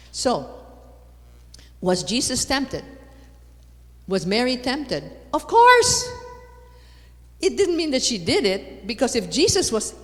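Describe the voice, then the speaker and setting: Emphatic woman speaking in a reverberant hall. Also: mid-range voice. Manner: emphatic, repeats phrases, asks the audience rhetorical questions. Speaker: conference speaker. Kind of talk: lively conference talk.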